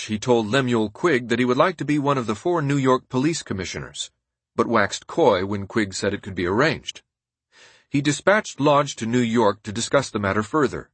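Male audiobook narrator, husky, dry close sound, measured formal delivery. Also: medium pitch, fairly bright tone, no echo. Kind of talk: scripted biography narration.

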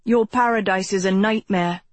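A woman's voice: mid-range voice, steady tone, normal speed, no echo, close to an everyday voice. A woman voicing a guarded, defiant young woman who answers in a curt, scornful way.

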